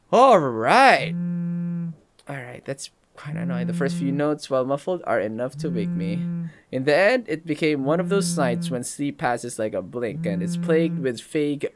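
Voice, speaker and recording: A man hosting a let's play, reading a story game aloud and breaking off for joking comments. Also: on the high side.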